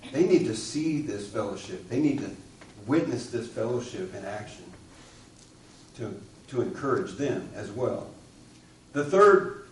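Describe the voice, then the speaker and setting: A man's voice: mid-range voice, a little mellow. A man preaching a sermon, telling a story and asking the congregation questions. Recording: echoey room, distant mic.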